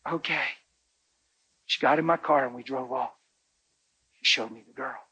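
A male pastor telling a story in his sermon, emotional and conversational, moving between hushed and loud delivery. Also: mid-range voice, moderate pace, slightly rough, no room sound, poor audio.

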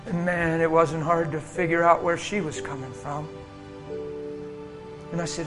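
A male preacher telling a healing story in a sermon, dropping to whispers and rising to loud bursts. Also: a little high, little pitch movement, measured pace, pauses often. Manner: swings from hushed whispers to loud exclamations. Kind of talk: sermon testimony. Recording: music playing underneath.

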